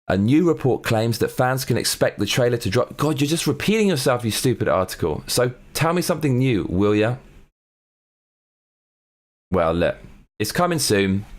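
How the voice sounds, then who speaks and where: A man hosting a comedy news show, reading out articles and mocking them in a sarcastic, profane rant. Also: mid-range voice.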